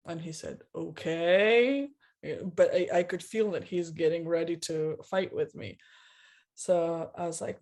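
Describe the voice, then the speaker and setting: A woman's voice: lowish voice, measured pace, a little mellow. A woman telling a personal story in a casual chat, laughing often and acting out the lines she quotes.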